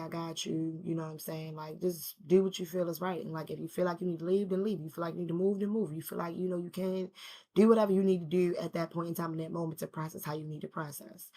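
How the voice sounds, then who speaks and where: Grieving mom vlogging, low gravelly voice, slangy rambling talk. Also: female voice, dark tone. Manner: casual slangy storytelling. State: grieving, emotional. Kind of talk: rambling personal video talk.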